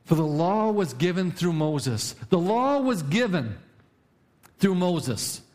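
A male pastor preaching a sermon, repeating key lines with sudden rises and drops in pitch. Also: big pitch swings, slow pace, darkish tone. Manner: preaching with emphatic repetition and sudden pitch swings.

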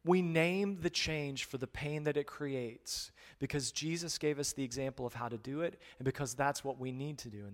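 A man preaching a conversational sermon as pastor, swinging between hushed and loud. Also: fairly high pitch, long reverb tail.

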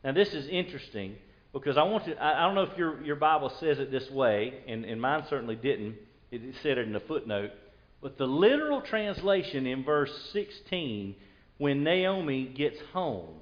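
Man preaching a conversational sermon, lo-fi. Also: a little high. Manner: conversational preaching, paraphrases scripture in a casual voice. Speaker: pastor.

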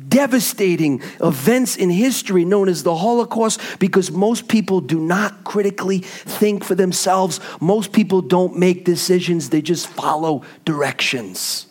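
In this sermon, a man shifts from low, hushed lines to high, impassioned appeals, repeatedly putting rhetorical questions to the congregation. He keeps a measured pace with few pauses.

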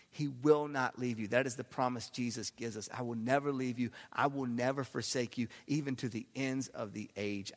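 A man preaching a sermon in a large hall, earnest and repeating phrases for emphasis. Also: medium pitch. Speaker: pastor. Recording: echoey hall with long reverb.

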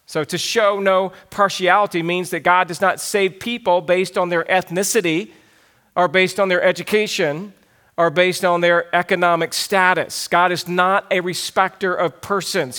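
A man's voice: high-pitched, bright, forceful tone. A man preaching a sermon, reading scripture aloud and explaining it with emphasis. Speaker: pastor.

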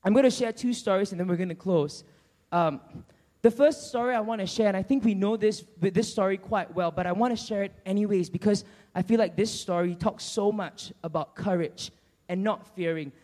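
Male preacher with a very high voice and a lively storytelling delivery, recorded in an echoing hall. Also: brisk. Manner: animated storytelling, acting out characters. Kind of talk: sermon. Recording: long church hall reverb.

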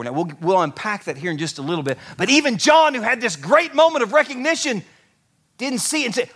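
A man with a notably high, light voice preaches to his congregation. He tells the story with animated energy, acting out what the biblical figures say, then drops to soft, slow words for emphasis. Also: slightly rough. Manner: animated, acts out biblical characters' lines. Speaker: pastor. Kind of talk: sermon.

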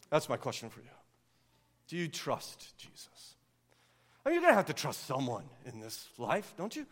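Preaching with earnest passion, this mid-range-voiced pastor climbs nearly to a yell before easing back down. It is a sermon delivered from the pulpit.

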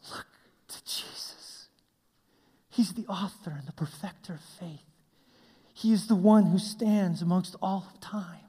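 A man preaching a sermon as a pastor. He tells stories with animation and swings between loud passages and hushed ones. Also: sits high, husky. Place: church hall. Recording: long hall reverb.

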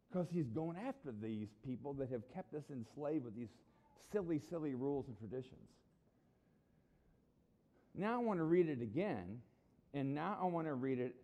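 Animated male preacher, dull lo-fi sound. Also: mid-range voice. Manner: animated, conversational preaching with asides. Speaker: pastor. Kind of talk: sermon.

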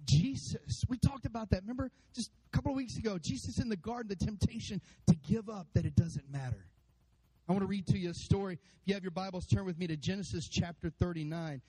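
A man preaching a sermon to his church, animated, acting out voices and calling out to the congregation. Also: sits high, fast, breathy edge, rough recording. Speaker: pastor. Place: church sanctuary.

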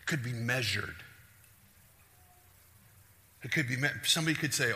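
Middle-aged pastor guy preaching, lively, acts out voices, goes loud then quiet, bright sharp voice, big echoey church. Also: mid-range voice, normal speed, pauses often. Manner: animated, acts out quoted voices, shifts between loud and hushed. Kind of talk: sermon. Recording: reverberant hall.

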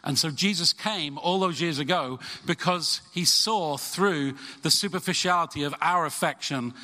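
A middle-aged man preaches with earnest, emphatic conviction, his voice pitched somewhat high for a man. His tone is bright and forceful. Long reverberation from the church hall trails after each phrase. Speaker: pastor. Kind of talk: sermon.

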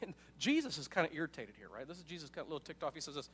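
A man with a high, light voice preaching a sermon. He talks to the congregation conversationally, tossing in asides and checking in with a quick "right?" as he explains his point. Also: very animated, a bit bright, husky. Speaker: pastor.

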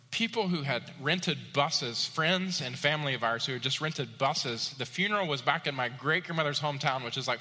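Bright-voiced pastor preaching. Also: male voice. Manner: rising to emphatic high-pitched peaks on key points; personal storytelling with frequent fillers. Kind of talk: sermon. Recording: long hall reverb.

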